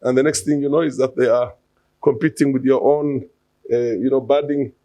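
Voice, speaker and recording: A man's voice: medium pitch, steady tone, moderate pace, dark tone, dry recording. A man giving an unscripted conference talk, hesitant, with many fillers and restarts, asking the audience rhetorical questions. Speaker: conference speaker.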